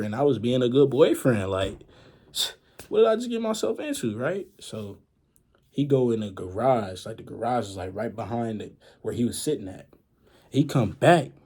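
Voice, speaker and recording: A young man tells a story in a casual storytime vlog. His voice is husky and at a middle pitch. He talks in an animated, slangy, dramatic way. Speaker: vlogger.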